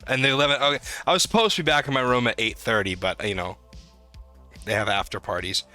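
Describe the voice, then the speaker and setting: Young male podcast co-host, bright and tense voice, rambling, animated delivery, faint music behind. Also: mid-range voice, quick pace. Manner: rambling, animated storytelling with profanity. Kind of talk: casual chat.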